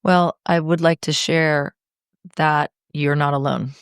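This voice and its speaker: Low gravelly middle-aged woman. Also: slow, no room sound, clean studio sound. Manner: expressive, emphatic, speeds up when enthused. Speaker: podcast guest. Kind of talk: heartfelt conversation.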